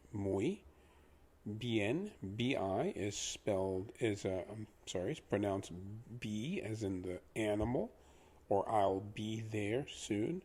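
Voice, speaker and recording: A man teaching pronunciation in a patient lesson, repeating each word slowly for the listener to copy. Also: lowish voice, darkish tone. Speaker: language teacher.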